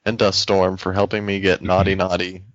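A man's voice: sits low, little pitch movement, moderate pace, highs cut off. A man co-hosting a casual gaming podcast, joking and laughing as he reads out a listener message. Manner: joking, laughs often, playful. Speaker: podcast co-host reading listener mail. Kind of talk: casual group podcast chat.

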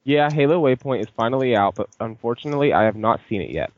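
A man's voice: medium pitch, expressive, fast, muffled recording. A man on a casual gaming podcast, easygoing and rambling as he shares his views. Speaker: podcast co-host. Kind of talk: casual group podcast chat.

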